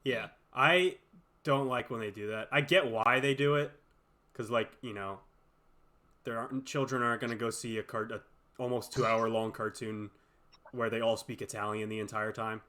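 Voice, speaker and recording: Jeune homme, co-animateur de podcast, qui s'emporte avec animation, voix très claire et brillante. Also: male voice, medium pitch, normal speed. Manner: animated, ranting, laughs often. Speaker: podcast co-host. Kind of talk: casual chat.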